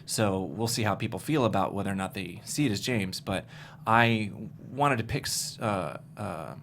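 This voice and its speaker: A man in his thirties from Maryland talks about writing and casting his film in a relaxed studio interview. His voice sits on the low side and carries an earnest, animated storytelling energy. A faint hiss runs under the recording. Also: moderate pace, vocal fry. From Maryland, USA. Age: 30s. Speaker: filmmaker, writer-director. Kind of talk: casual interview chat.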